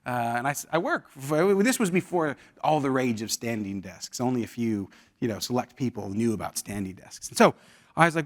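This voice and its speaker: A man's voice: mid-range voice, sing-song, a little fast, a bit bright. A man in his forties presenting a leadership workshop, talking conversationally with the audience and telling stories. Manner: conversational storytelling with audience questions. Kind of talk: live workshop talk. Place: university event hall.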